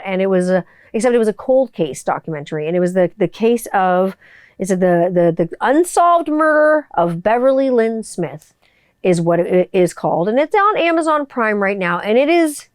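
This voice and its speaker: A woman chats through her solo podcast in a rambling, playful way, full of fillers and asides. Her voice sits a little high and sounds smooth and clear. It is recorded dry on a close mic. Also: no echo. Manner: chatty, rambling, playful, frequent fillers and laughs. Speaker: podcast host. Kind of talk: casual solo podcast chat.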